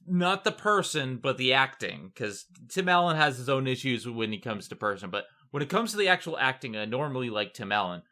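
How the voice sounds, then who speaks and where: A man chatting as a podcast co-host about a film. His voice is bright and forward, and his delivery is animated and exasperated, full of "like" and restarts. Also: mid-range voice, brisk, few pauses. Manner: animated, exasperated, many fillers. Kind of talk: casual movie review chat.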